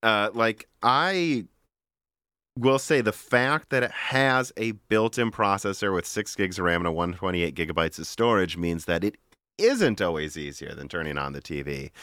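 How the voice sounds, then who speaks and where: A man's voice: low voice, moderate pace, no echo, studio quality. A man co-hosting a podcast, chatting casually and rambling about gaming gear with frequent laughs. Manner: rambling, animated, laughs often. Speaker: podcast co-host. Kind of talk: casual tech chat.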